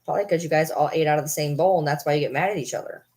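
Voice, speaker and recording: A woman's voice: deep voice, very fast, darkish tone. A woman vlogger at home, chatting casually and teasing her dogs with baby talk.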